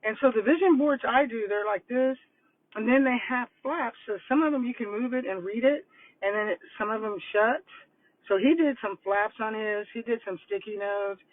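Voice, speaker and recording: An older woman coaching on vision boards, telling stories in a casual, animated, rambling way. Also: on the high side, moderate pace. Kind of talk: casual livestream talk. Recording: tinny phone-like line, dry.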